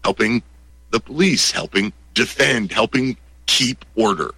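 A man conducting an interview, speaking in an animated way and asking rhetorical questions. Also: lowish voice, a little slow, breathy edge, dry recording. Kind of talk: conversational interview.

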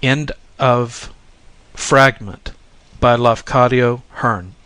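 A man reading a story aloud in a measured, solemn narration. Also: mid-range voice, a bit bright, a little hiss or hum.

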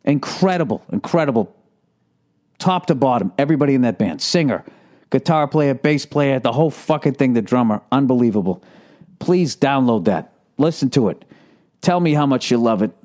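A man's voice: mid-range voice, moderate pace. A man hosting a podcast in casual chat, swearing often and ranting in mock outrage. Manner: profane, animated, mock-outraged. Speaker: podcast host.

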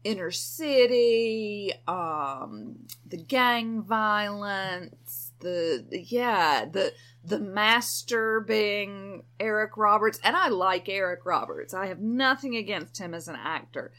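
A woman's voice: medium pitch, animated, slow pace, few pauses, fairly bright tone. A woman co-hosting a podcast in casual chat, opinionated and wry, drawing her phrases out. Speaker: podcast co-host.

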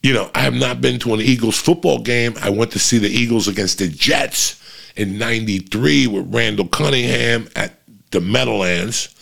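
A man's voice: medium pitch, moderate pace, creaky, fairly bright tone. A middle-aged man hosting a podcast, telling a long, profane, rambling story in casual chat.

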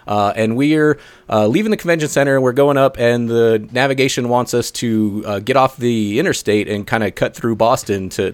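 A man co-hosting a podcast, telling stories in a rambling, excitable way with lots of fillers. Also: medium pitch, no room sound. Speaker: podcast co-host. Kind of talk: casual chat, storytelling.

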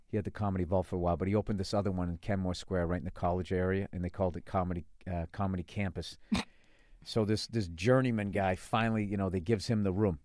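A man hosting a podcast, telling profane comedy war stories in a casual, animated way and acting out other people's lines. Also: low voice, dry recording, studio quality. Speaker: podcast host.

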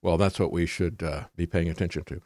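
A man's voice: low voice, steady tone, fairly quick, darkish tone, dry recording, studio quality. A man hosting a talk show, giving emphatic opinionated commentary with sarcastic asides.

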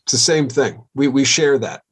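A husky, slightly breathy man. He talks as a podcast guest, loose and joking, rolling from one road story into the next. His pitch sits in an ordinary middle range. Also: normal speed. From Long Island, New York. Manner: joking, storytelling, laughs easily. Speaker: podcast guest, rock drummer. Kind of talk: casual interview chat.

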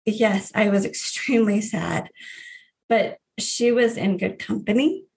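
A woman in her thirties, a grief coach, earnestly telling her personal story in an interview, with soft laughs. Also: mid-range voice, unhurried, vocal fry.

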